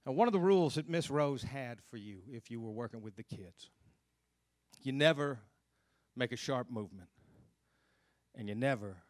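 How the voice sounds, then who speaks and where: An earnest man tells a true story to a live audience, his mid-pitched voice sounding dry and close. He slows down and goes hushed and low when the story turns dark. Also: no room sound. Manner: earnest, drops to hushed low tones at grim moments. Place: stage at a live storytelling event.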